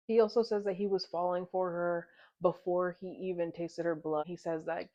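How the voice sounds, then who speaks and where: A woman's voice: lowish voice, flat delivery, normal speed, hardly any pauses, mellow. A young woman casually recapping a novel in a chatty way, swearing freely and acting out the characters' lines. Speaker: book reviewer. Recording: dull lo-fi sound.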